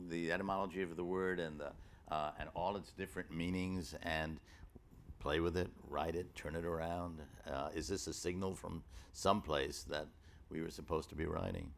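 A man from New York talking onstage as an author, rambling through stories in halting bursts full of fillers and restarts, with a wry edge. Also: deep voice, gravelly. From New York City. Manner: wry storyteller. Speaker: author in a public conversation. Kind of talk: live onstage conversation.

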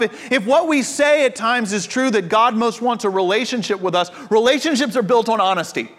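A man delivers a sermon from the pulpit, his voice high and light for a man. He moves between impassioned swells and hushed, intense moments. Long reverb from the church sanctuary trails behind each phrase. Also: fairly quick, hardly any pauses. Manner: impassioned preaching, dropping to quiet intensity. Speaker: pastor. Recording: reverberant hall.

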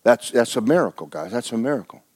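A man, preaching a folksy, joking sermon that often jumps high in pitch for emphasis. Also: expressive, fast, a little mellow, husky. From Florida. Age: 70s. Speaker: pastor.

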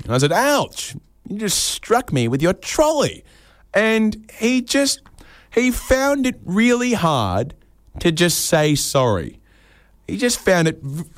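A man with an Australian accent hosting a community radio show, delivering a joking monologue and bantering, often jumping up into other people's voices. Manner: animated, jokey, voices other people with big pitch jumps. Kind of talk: comic monologue and studio banter.

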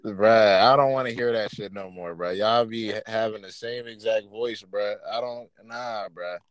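A man's voice: on the low side, moderate pace, dry recording, low-quality recording. A man co-hosting a casual chat, loose and joking, laughing often.

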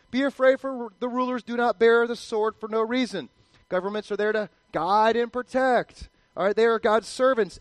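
A man's voice: very high voice, no echo. A man preaching a sermon as pastor, chatty and conversational, often asking the congregation questions.

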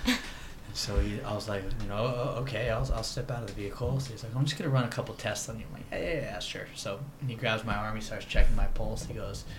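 A man telling a story in casual chat, animated and joking. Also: on the low side, fast talker. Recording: noisy background.

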